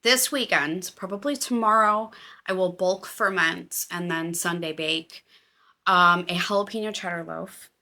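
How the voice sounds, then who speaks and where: Bright-voiced chatty woman podcaster. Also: fairly low pitch, measured pace. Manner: chatty and excitable, self-deprecating. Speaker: podcast host. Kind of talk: casual chat.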